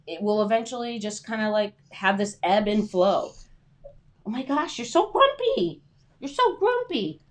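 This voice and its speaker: A woman's voice: fairly low pitch, a little mellow. A woman giving a casual livestream talk on freelance writing, chatty with many fillers, acting out anxious inner voices.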